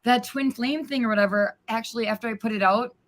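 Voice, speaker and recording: A woman's voice: on the high side, quick pace. A woman joining a live stream as a guest, talking things through in a reflective, searching way with many fillers. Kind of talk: casual chat.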